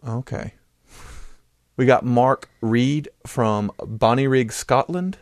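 In a clean studio recording with no room sound, a US podcast co-host reads out messages from listeners. He's relaxed and jokey, and place names keep tripping him up. His mid-range voice moves at a normal speed.

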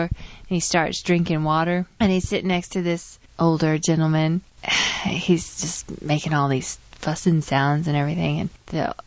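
A pregnant woman co-hosting a casual podcast, telling stories with lively animation. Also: low voice, no room sound. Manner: animated storyteller. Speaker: podcast co-host. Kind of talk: casual chat.

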